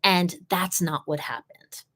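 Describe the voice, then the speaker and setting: A woman's voice: fairly low pitch, fairly even intonation, slow, a bit bright. A woman hosting a live session, telling a personal story in an earnest way and repeating key phrases for emphasis.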